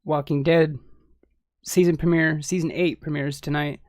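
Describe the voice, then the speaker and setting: A man's voice: on the high side, little pitch movement, normal speed, a little mellow, dry recording, clean studio sound. A man hosting a casual gaming podcast, easygoing and rambling, with lots of restarts and fillers. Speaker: podcast host. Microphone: headphones and desk mic.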